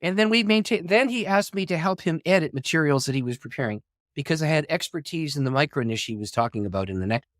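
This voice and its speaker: A middle-aged man, a pastor and author, telling a long story in an interview with animated delivery, acting out quoted dialogue and laughing often. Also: a little high, quick pace, no room sound, clean studio sound. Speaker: pastor and author, podcast guest.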